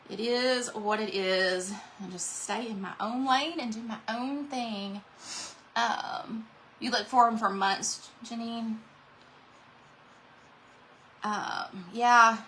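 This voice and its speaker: Woman hosting a live craft stream, bright voice, rambling and chatty, faint noise behind. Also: mid-range voice, rough recording. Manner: rambling, chatty, reads out viewer comments. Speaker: craft livestream host. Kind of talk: casual livestream chat while painting.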